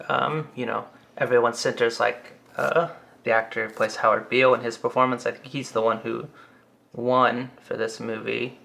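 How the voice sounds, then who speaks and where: Guy with a bit of vocal fry, casual movie chat, lots of um and like. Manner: animated, acts out quoted lines with big pitch jumps. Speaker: film discussion panelist. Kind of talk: casual film discussion.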